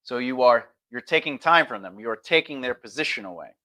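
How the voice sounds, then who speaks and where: A man's voice: mid-range voice, animated, brisk, sharp tone. A man streaming a casual lesson on conversation skills, talking loosely and acting out example replies.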